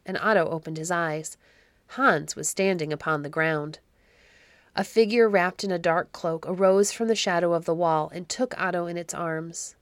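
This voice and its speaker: A woman narrating a classic children's tale in a measured, even reading. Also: fairly low pitch, no room sound. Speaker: narrator and podcast host. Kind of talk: storybook narration.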